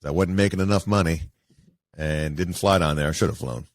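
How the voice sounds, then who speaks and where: A man, a sportscaster, telling stories casually as an interview guest in an animated way with many fillers. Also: low-pitched, brisk, no echo. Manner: animated, acts out quoted voices, many fillers.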